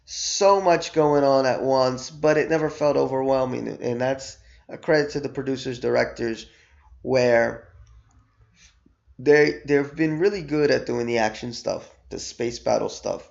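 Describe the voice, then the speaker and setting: A man's voice: medium pitch, unhurried, vocal fry, highs cut off. A man giving a casual, emphatic spoken review while losing his voice after being sick. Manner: animated, emphatic, repeats words for stress. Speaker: show reviewer.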